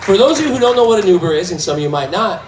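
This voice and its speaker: Male stand-up, thirties, high and lively voice, animated storyteller, echoey club with a faint audience. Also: very fast, far from the mic, a loud crowd, heavy background noise. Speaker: stand-up comedian. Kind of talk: stand-up routine. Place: comedy club stage.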